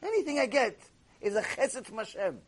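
A man voicing a humble, joyful old male sage in a spoken story, telling it in a lively, self-effacing way. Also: extremely high pitch, moderate pace, breathy edge, exaggerated voice.

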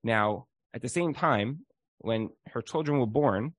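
A man with a mid-range, husky voice speaks unhurriedly, with no room sound. He gives a casual Torah lecture as animated storytelling, full of filler "like"s, acting out the people he quotes.

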